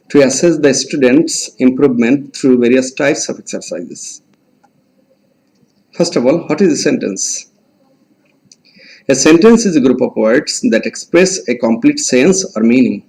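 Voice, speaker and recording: A man with a Bangladeshi English accent, teaching an online English grammar lesson and slowly dictating examples word by word. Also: medium pitch, vocal fry, a little mellow, poor audio.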